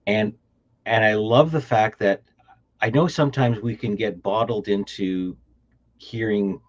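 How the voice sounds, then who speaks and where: Low-voiced Canadian man, rambling co-host. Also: unhurried, highs cut off. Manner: rambling, repeats words and restarts. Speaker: podcast co-host. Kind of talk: casual chat.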